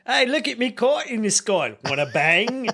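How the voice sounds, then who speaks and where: A man's voice: very high voice, big pitch swings, normal speed, bright, forceful tone, voice pushed up, exaggerated voice. A man voicing a bawdy, boastful male caricature of a colonial inventor with a put-on Cockney accent.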